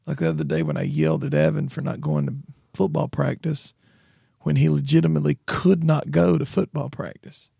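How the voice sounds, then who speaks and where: A man's voice: fairly high pitch, expressive, normal speed, vocal fry, dark tone, husky, dry recording, clean studio sound. A man co-hosting a podcast, telling stories in a wry, self-mocking way. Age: 40s. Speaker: podcast co-host. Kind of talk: casual chat.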